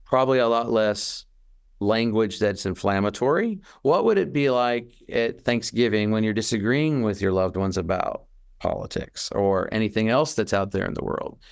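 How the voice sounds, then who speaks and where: Gravelly-voiced guy on a podcast, earnest, chatty, keeps restarting and acting out quotes. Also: lowish voice, lively intonation, moderate pace. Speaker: podcast co-host. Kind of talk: casual reflective conversation.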